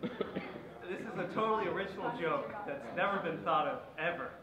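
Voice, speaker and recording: A man improvising puns on stage, with halting fillers between them. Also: sits high, animated, a crowd in the background. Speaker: improv performer. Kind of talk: live improv pun game. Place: performance room with a live audience. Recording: echoey room with background noise.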